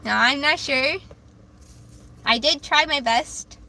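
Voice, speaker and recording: A woman's voice: high-pitched, takes it slowly, pushed and bright. A young woman reading tarot on a livestream, chatting casually through comments and stumbling over words. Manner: rambling, self-deprecating, stumbles over words.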